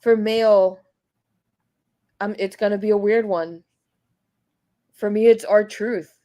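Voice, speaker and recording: A woman's voice: mid-range voice, steady tone, slow, mellow. A woman co-hosting a casual wrestling chat podcast, speaking in a gushing, emotional way and swearing often. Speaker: podcast co-host.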